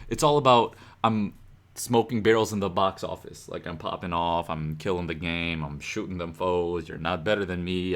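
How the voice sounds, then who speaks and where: Young guy, kinda low voice, casual chatty reaction host, gets hyped picking apart rhymes. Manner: animated, breaks down rhymes excitedly. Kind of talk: casual commentary.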